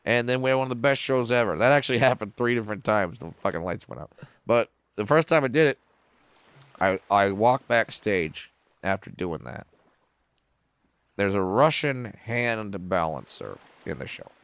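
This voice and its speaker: A middle-aged male comedian, telling stories in a casual podcast chat, profane and animated, jumping up in pitch for punchlines. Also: normal speed, smooth, no echo. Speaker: comedian guest.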